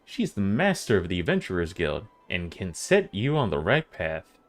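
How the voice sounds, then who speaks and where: A man voicing a gruff local man who points a newcomer the way, in a lowered, measured delivery. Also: wildly swooping pitch. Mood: helpful.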